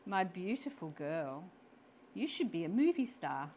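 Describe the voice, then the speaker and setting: A smitten French gentleman, as a woman reads him aloud, heaping compliments on a waitress in a storybook tale. His French accent sits in a voice kept plain and unhurried, flattering and forward without pushing hard. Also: high-pitched, a little hiss or hum, exaggerated voice.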